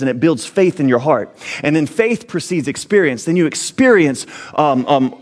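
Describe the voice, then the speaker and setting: A man preaching a sermon as pastor, with rising emphasis and frequent restarts. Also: on the high side.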